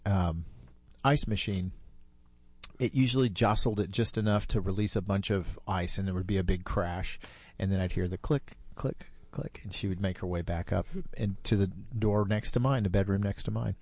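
A man in his fifties telling a personal story in a relaxed, unhurried way. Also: sits low, no echo. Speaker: storyteller guest.

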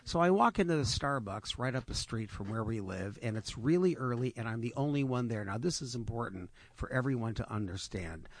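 A man co-hosting a radio show, telling lively anecdotes in a casual way and voicing the people in them. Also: mid-range voice, a little fast, few pauses, no echo. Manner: animated anecdotes with voiced quotes.

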